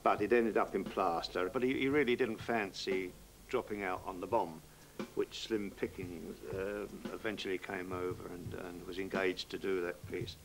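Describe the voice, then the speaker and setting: A man recalling an old story in a conversational, animated way. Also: sits low, moderate pace, slight background noise. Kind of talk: reminiscing chat.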